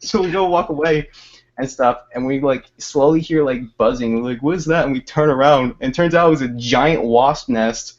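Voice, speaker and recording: A man's voice: medium pitch, moderate pace. A young man telling a story in casual chat, rambling with lots of fillers and laughs. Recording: dull lo-fi voice chat.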